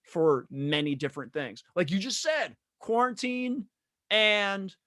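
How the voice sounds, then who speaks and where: A man's voice: high voice, slow pace, pushed and bright, no room sound, studio quality. A man who is a guest on a podcast, chatting casually in a rambling way, repeating words as he goes.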